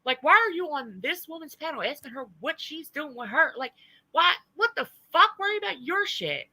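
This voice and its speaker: A woman's voice: sits high, sing-song, normal speed, bright, forceful tone, no echo, rough recording. A woman streamer ranting in blunt, profane, heated commentary to her live chat. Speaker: livestreamer.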